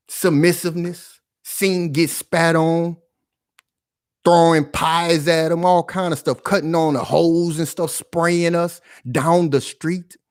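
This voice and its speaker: A man's voice: a little high, dry recording, studio quality. A man hosting his own channel, delivering heated, emphatic commentary full of slang and rhetorical questions. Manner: loud, emphatic, confrontational.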